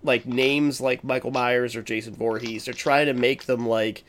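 A man in a relaxed podcast conversation, middle of the road in pitch. He rambles, circles back on himself and swears freely to stress his opinions. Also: moderate pace, slight background noise. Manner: profane, emphatic, rambling with restarts. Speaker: podcast co-host. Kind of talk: casual horror movie chat.

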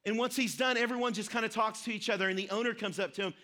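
A man's voice: high voice, steady tone, racing, pushed and bright. A man preaching a sermon, telling a story earnestly and repeating key phrases for emphasis. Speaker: pastor.

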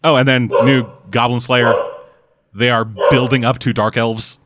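A man co-hosting a casual chat, swearing freely and acting out quick character voices. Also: medium pitch, level tone, heavy background noise. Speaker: podcast co-host.

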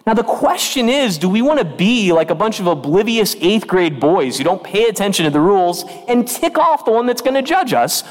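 Lively priest preaching in an echoing church. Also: male voice, sits high, brisk, few pauses. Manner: storytelling with lively quoted voices. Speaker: pastor. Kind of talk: sermon. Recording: long reverb of a church.

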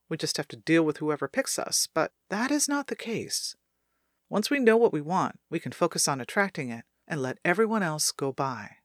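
A woman reading her own self-help audiobook aloud, calm and measured as she guides the listener through a writing exercise. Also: low-pitched, no echo, clean studio sound.

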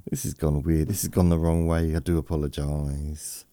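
Deep gravelly man, slow and drowsy. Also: level tone, mellow, dry recording. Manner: meandering, self-deprecating, drowsy. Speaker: podcast host. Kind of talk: rambling bedtime podcast monologue. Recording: processed close-mic studio voice.

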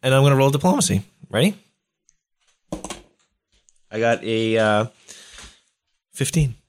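A man's voice: mid-range voice, expressive, measured pace, a little hiss or hum. A man playing a tabletop game, hammy and theatrical. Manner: hammy, swooping. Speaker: player. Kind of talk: casual tabletop game play.

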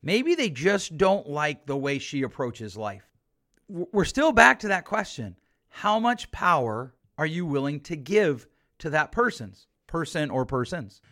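A man's voice: fairly high pitch, very animated, a little slow, bright, forceful tone. A man, a therapist, talking through a podcast monologue with emphasis and repeated points.

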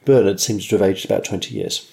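A man's voice: on the low side, steady tone, quick pace, creaky, warm tone. A man co-hosting a podcast, dry and wry in a casual review chat. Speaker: podcast co-host.

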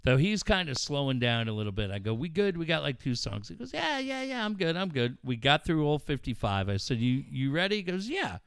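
A man's voice: mid-range voice, very animated, fairly quick, few pauses, clean tone, dry recording, clean studio sound. A middle-aged man hosting a podcast, telling stories in a blunt, profane, heated way. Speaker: podcast host. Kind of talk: casual storytelling chat.

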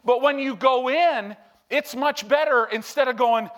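A male preacher giving an emphatic, animated sermon that swings from hushed to loud. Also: very high-pitched, unhurried.

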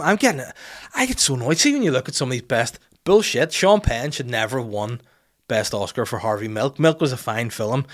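A man hosting a comic monologue, ranting irreverently, swearing often and laughing at his own jokes. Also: mid-range voice. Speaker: host.

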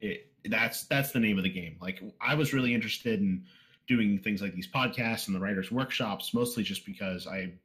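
Low-voiced podcast host with a slight stutter. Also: male voice, moderate pace, a bit bright. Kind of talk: casual interview chat. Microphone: USB condenser microphone.

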